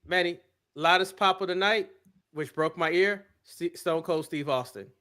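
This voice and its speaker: A man's voice: sits high, moderate pace, sharp tone. A man co-hosting a casual wrestling chat, joking and teasing the host.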